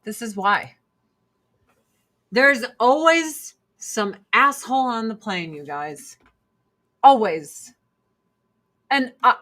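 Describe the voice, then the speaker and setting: A woman's voice: fairly high pitch, lively intonation, slow, pauses often, sharp tone. A woman vlogger ranting to camera in a blunt, profane, exasperated way while doing her makeup. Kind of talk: casual ranting chat to camera.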